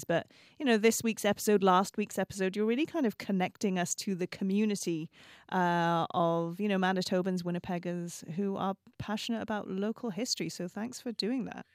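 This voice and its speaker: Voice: mid-range voice, brisk, no room sound, clean studio sound. A radio host asking questions in a casual interview, friendly and teasing.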